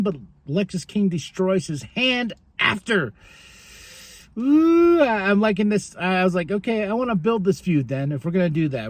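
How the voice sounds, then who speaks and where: A man hosting a podcast, recapping wrestling in a casual, excitable way, often laughing and acting out what people said. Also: high voice, dry recording. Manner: excitable, chatty, laughs often, acts out quotes. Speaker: podcast host.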